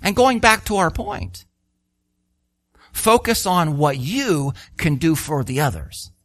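A man preaching a sermon, animated and full of rhetorical questions, acting out the voices he quotes. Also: on the high side, slow, no echo, studio quality.

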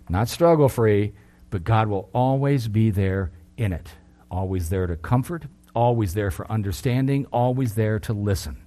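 A middle-aged man preaching a sermon, earnest, lifting his voice for emphasis and then dropping low. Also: warm tone.

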